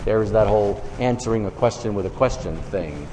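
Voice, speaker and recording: A man's voice: lowish voice, brisk, dark tone. A man from New York with a New York accent, telling stories to an audience in a self-deprecating, conversational way. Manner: self-deprecating, storytelling with quoted dialogue. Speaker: speaker on faith conversations. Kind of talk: talk to a live audience. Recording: long hall reverb, faint room noise.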